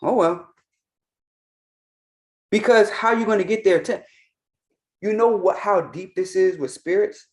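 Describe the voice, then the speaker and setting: A man's voice: high voice, measured pace, long pauses. A man hosting a reaction commentary, ranting in a heated, mocking and profane way. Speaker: host, Orisha priest.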